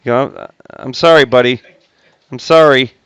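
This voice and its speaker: A high school math teacher chats and jokes with his students between steps while teaching a math class in a recorded lesson. He speaks at normal speed in a smooth, fairly bright mid-range voice with fairly even intonation, and there's no echo.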